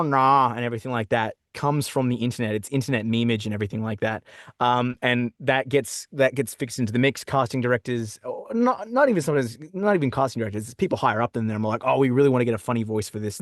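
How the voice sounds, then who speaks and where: A man's voice: medium pitch, fast talker, dry recording, studio quality. A young Australian man, a voice actor, talking casually in a podcast interview from a small foam-lined home booth, rambling with many fillers and restarts. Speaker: guest voice actor. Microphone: studio condenser mic.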